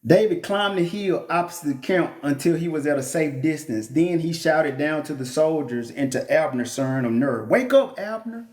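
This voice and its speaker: A man's voice: fairly high pitch, moderate pace, hardly any pauses, darkish tone. A man reading the Bible aloud and commenting in a blunt, joking, preacherly way. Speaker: Bible teacher.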